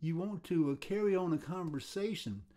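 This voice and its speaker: An older man giving a casual guitar lesson, talking in a relaxed, halting way and often repeating words as he restarts his sentences. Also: on the high side. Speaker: guitar teacher. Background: faint guitar playing.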